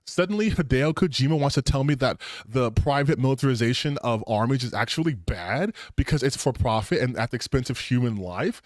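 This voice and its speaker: A man's voice: medium pitch, expressive, brisk, hardly any pauses, dry recording. A man in his thirties hosting a gaming stream, giving casual reaction commentary in a sarcastic, laughing manner and swearing freely. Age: 30s.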